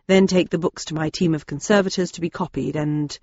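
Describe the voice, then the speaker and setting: A woman's voice: low-pitched, fairly even intonation, brisk, a little mellow, dry recording, highs cut off, voice pushed down. A woman reading the part of a precise, bookish male librarian in an audiobook. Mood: earnest.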